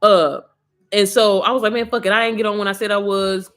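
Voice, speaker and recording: A woman's voice: mid-range voice, flat delivery, brisk. Woman, casual livestream chat, phone mic, rambling, emotional, swears a lot. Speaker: live streamer.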